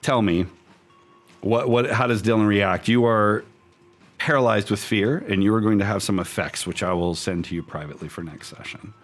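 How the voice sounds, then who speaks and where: A man's voice: fairly low pitch, moderate pace, faint music behind. A man running a tabletop horror game as game master, describing gory scenes vividly with casual asides.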